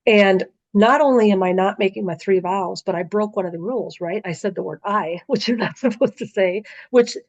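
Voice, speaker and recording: A middle-aged woman speaks as a podcast guest, telling a story in a vivid, conversational way full of little fillers. Her voice sits at an ordinary pitch. The recording is close and dry, with a slightly dull, muffled tone. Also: moderate pace, few pauses, no echo. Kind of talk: recounting a dream in conversation.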